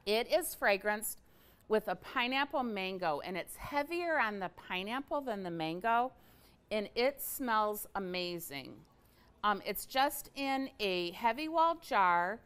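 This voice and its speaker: Bubbly, clear-voiced woman hosting a livestream. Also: medium pitch, expressive, slow pace, fairly bright tone. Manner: chatty and enthusiastic, with frequent fillers. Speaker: host of a product livestream. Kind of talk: casual livestream product demo. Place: craft studio indoors.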